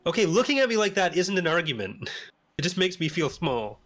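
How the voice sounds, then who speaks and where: A Canadian man hosting a casual podcast chat, animated and laughing often, voice jumping up when he argues a point. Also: high voice, brisk. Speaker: podcast host.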